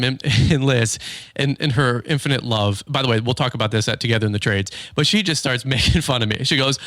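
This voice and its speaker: Energetic, chatty podcast host, dry sound. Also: male voice, mid-range voice, a little fast, no room sound. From Michigan. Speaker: podcast host, lawn business owner. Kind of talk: casual podcast talk. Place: home studio in garage.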